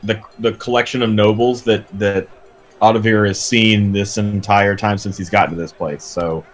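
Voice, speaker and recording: Give me a low-voiced man as a tabletop player, musing and halting. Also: fairly even intonation. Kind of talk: in-character table talk.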